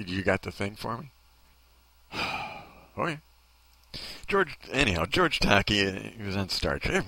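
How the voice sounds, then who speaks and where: A man's voice: mid-range voice, bright, forceful tone, no echo. A man hosting a talk show, ranting in a sarcastic, mocking way and needling people off mic. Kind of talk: comedic opinion rant.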